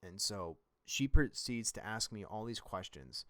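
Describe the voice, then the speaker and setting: A man's voice: on the low side, expressive, a little slow, a bit bright, no echo. A young man hosting a podcast, telling a personal story in a blunt, rambling and profane way. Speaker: podcast host.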